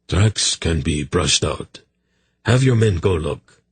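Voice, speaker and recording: Man reading a curt iron-haired officer, commanding and deep. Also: expressive, slow pace, slightly rough, no echo, heavily acted. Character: stern gray-haired male army captain.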